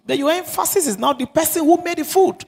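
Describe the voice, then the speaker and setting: A woman's voice: sits high, fast talker, vocal fry, a little mellow. A woman pastor with a Nigerian accent, preaching a sermon and repeating phrases for stress. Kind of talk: sermon on marriage. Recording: long reverb of a church hall.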